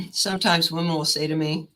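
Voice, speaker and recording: Bright-voiced woman coaching on pay. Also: deep voice, normal speed, rough recording. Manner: steady, instructive delivery. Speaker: career counselor. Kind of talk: presentation.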